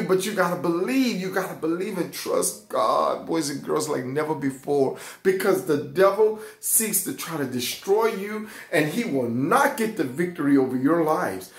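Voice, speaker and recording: A man teaching an excited Bible lesson to children, fervent and repeating his phrases. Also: sits high, roomy sound. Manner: fervent, repeats phrases, keeps saying "watch this" and "y'all".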